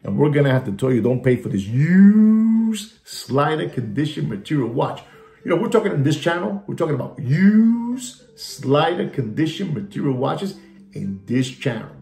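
This watch market update is delivered by a gravelly man who mocks and performs, hammering catchphrases and slipping into Spanish, his pitch swooping wide. He's very animated and warm in tone, keeping a moderate pace. The room echoes, with quiet guitar music in the background.

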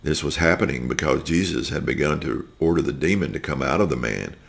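Male scripture reader, deep bass with gravel, steady deliberate reading. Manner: slow, deliberate reading with small slips. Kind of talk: reading aloud a scripture story.

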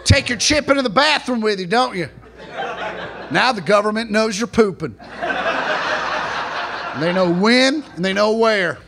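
A man doing a live stand-up set in a comedy club, mocking and profane, shouting his punchlines. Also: high voice, lively intonation, measured pace, creaky, pauses often. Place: comedy club stage before a laughing audience. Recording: live club recording, audience noise.

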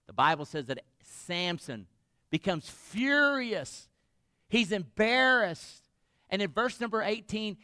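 A man's voice: high-pitched, sharp tone, smooth, no room sound, studio quality. A man pastor preaching a sermon, retelling a story dramatically and asking the congregation questions.

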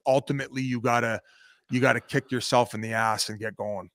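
A man's voice: medium pitch, fairly even intonation, a little fast, a bit bright, no echo, studio quality. A man in his thirties, a former athlete, telling a rambling, profane story on a podcast, laughing as he goes. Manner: rambling, swears a lot, laughs while telling stories. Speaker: podcast guest, former hockey player.

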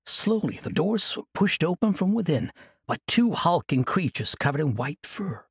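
Husky-voiced male audiobook narrator. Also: fairly high pitch, moderate pace, no room sound, studio quality. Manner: expressive storytelling.

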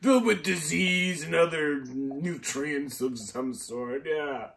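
A man hosting a casual gaming chat with friends, jokey and excitable, often jumping into high-pitched shrieks. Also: slow pace, creaky, far from the mic. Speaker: gaming channel host.

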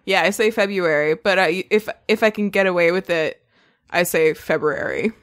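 A woman's voice: on the low side, normal speed. A woman co-hosting a podcast in casual chat, wry and laughing. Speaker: podcast co-host.

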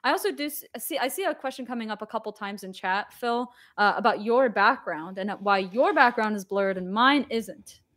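A woman's voice: on the high side, animated, normal speed, hardly any pauses, fairly bright tone. A woman co-hosting a livestream product demo, playful and chatty, often laughing. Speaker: co-host.

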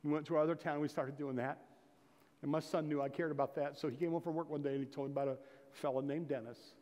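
A man's voice: on the high side, fairly even intonation, quick pace, darkish tone. A middle-aged man preaching a sermon as pastor, telling folksy stories and building to emphatic exhortation. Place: church sanctuary. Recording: long reverb of a church hall.

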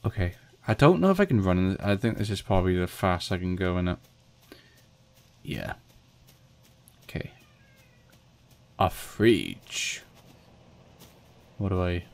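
A gaming video host gives casual let's play commentary into a stand-mounted desk mic, his low, gravelly voice sing-song and unhurried with frequent pauses. He swears, bursts out in panic, and cracks self-mocking jokes.

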